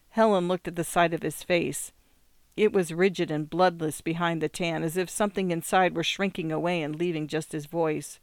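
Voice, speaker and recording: Give me a measured audiobook narrator with a smooth voice and a dry, close sound. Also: medium pitch, no echo. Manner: measured, steady literary reading. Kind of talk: scripted narration.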